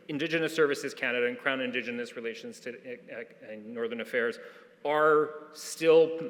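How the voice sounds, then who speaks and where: A man's voice: mid-range voice, fairly bright tone. A man, a historian, giving a formal, earnest conference presentation with occasional restarts. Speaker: departmental historian. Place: large conference hall. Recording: long hall reverb.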